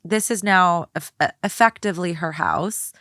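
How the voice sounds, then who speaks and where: A woman's voice: on the low side, moderate pace, fairly bright tone, dry recording, studio quality. A woman co-hosting a podcast, blunt and sarcastic, swearing freely. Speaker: guest co-host. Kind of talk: casual podcast chat.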